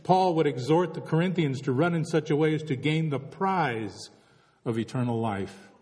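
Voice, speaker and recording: A man's voice: fairly high pitch, moderate pace, darkish tone, long reverb tail. A man delivering a reflective sermon as a pastor, full of rhetorical questions.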